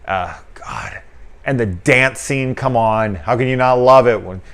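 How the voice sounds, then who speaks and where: A man giving a casual spoken movie review, animated and profane, often acting out characters' lines in put-on voices. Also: medium pitch, unhurried. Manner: animated, swearing, acts out quotes in put-on voices. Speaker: film reviewer.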